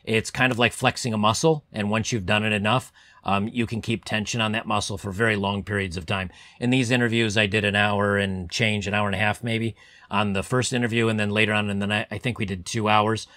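A young man hosts his own channel, talking straight to camera in a loose, rambling way full of ums and restarts. He keeps his voice held low on purpose, giving it a slightly forced deep tone. The sound is dry and close, with no room echo. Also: fairly even intonation, a bit bright. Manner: rambling, repeats words, many ums; deliberately lowered, pushed-down voice. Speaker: channel host. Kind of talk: casual advice monologue to camera.

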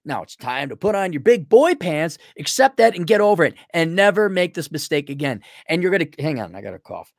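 Brash, mocking male advice host, lively sarcastic delivery, dry close recording. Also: a little high, brisk, few pauses, no room sound. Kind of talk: blunt paid advice rant.

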